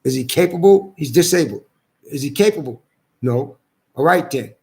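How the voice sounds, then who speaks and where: A man's voice: a little high, animated, normal speed, vocal fry, darkish tone. A man, agitated and repetitive, swearing as he rambles through a complaint. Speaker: vlogger airing a grievance. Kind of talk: angry rambling monologue.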